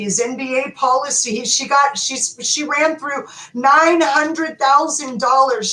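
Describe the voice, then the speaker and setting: A woman's voice: high voice, a bit bright, reverberant, rough recording. A woman in an impassioned, profane rant, repeating her words for emphasis as she calls for justice. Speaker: advocate calling for justice. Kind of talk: impassioned direct-to-camera rant.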